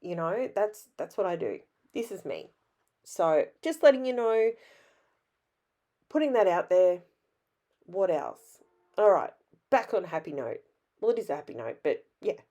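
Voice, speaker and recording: A middle-aged Australian woman with a hoarse, raspy voice, chatting in a rambling, self-deprecating way as she narrates her scrapbooking. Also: on the low side, big pitch swings, measured pace, pauses often, mellow. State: hoarse from illness. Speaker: scrapbooking vlogger. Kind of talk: casual voice-over narration.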